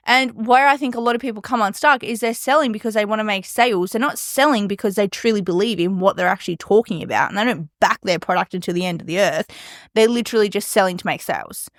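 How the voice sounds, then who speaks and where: A woman's voice: fairly high pitch, fast talker, no echo, clean studio sound. A young woman hosting her solo podcast, talking casually and emphatically with lots of "like". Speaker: podcast host.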